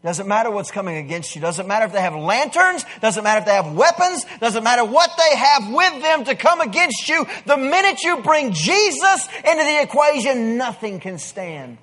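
A man preaching a sermon, swinging from quiet asides to loud, emphatic declarations. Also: very high-pitched, big pitch swings, normal speed, few pauses. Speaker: pastor.

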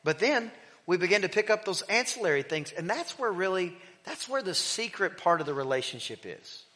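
A middle-aged man preaching in a church, telling a personal story in an animated way that swings between loud emphasis and hushed, quiet passages. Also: high-pitched, brisk. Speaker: pastor. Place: church sanctuary. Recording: long hall reverb with faint music.

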